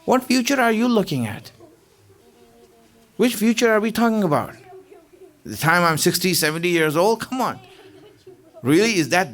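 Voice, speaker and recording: A man's voice: sits high, fairly bright tone. A middle-aged male preacher giving a Ramadan lecture in a conversational way, asking rhetorical questions and often saying "you know".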